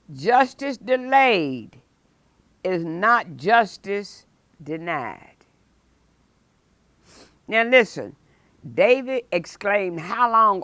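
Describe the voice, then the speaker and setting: A woman teaching a Sunday school lesson, preaching emphatically and breaking into loud exclamations. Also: mid-range voice, no room sound. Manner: emphatic, rises to shouted exclamations; slow, deliberate phrasing.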